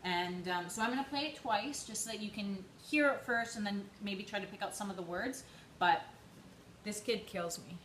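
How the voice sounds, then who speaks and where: A woman's voice: mid-range voice, moderate pace, a bit bright. A young woman, out of breath from running, chatting casually on a livestream and greeting viewers by name. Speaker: livestream host training for a charity run. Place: indoors on a treadmill. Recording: echoey room with faint noise.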